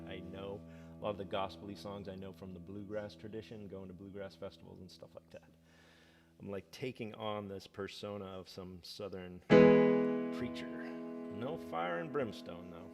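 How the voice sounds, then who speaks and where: A man's voice: on the low side, long reverb tail. A man from the United States hosting a music livestream, telling rambling stories between songs with many fillers. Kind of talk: casual chat between songs.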